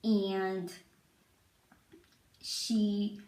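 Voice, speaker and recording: A woman's voice: mid-range voice, level tone, very slow, darkish tone. A young woman telling a personal story to camera in a casual, rambling way, full of "like.". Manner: chatty, rambling, lots of "like". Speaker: vlogger. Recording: echoey room.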